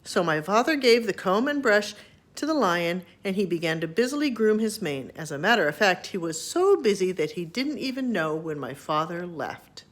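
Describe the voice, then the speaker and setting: Expressive woman reading a storybook. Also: fairly low pitch, normal speed. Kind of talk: reading a children's book aloud.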